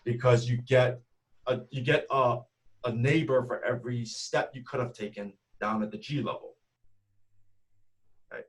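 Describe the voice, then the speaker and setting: A man's voice: medium pitch, steady tone, a little slow, long pauses. A man giving a math seminar talk over a video call, explaining step by step and often checking in with "right?". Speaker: math speaker.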